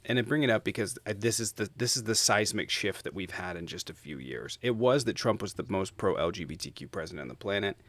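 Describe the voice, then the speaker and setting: A man's voice: fairly low pitch, expressive, brisk, hardly any pauses, a bit bright, dry recording. A man hosting his own livestream, ranting bluntly and swearing freely in casual talk. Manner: blunt, profane, heated. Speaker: streamer host.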